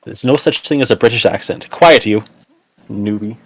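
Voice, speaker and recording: A man's voice: on the low side, moderate pace, rough recording. A man co-hosting a casual hobby chat, dropping dry, teasing one-liners. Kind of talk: casual chat while assembling miniatures.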